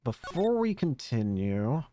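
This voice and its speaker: A man streaming a game, musing out loud as he decides where to go next. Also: medium pitch, big pitch swings, takes it slowly. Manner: musing, thinking aloud. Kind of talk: let's-play commentary. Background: game music.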